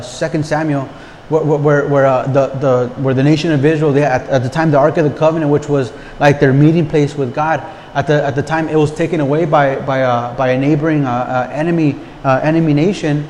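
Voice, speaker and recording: A man's slightly high, slightly mellow voice carries a casual sermon from a pastor who keeps repeating words and asking listeners rhetorical questions. There's faint background noise and a long hall reverb.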